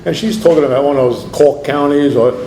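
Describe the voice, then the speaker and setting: A man's voice: a little high, fairly quick, mellow, slight background noise. A man speaking at an AA meeting, telling his recovery story in a rambling, self-mocking way. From New Jersey. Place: meeting room. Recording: echoey meeting room.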